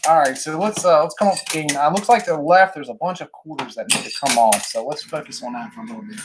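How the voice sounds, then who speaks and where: A man's voice: a little high, fast talker, noisy background. A man hosting a live stream, a little out of breath, chatting casually with viewers, greeting them by name and laughing often.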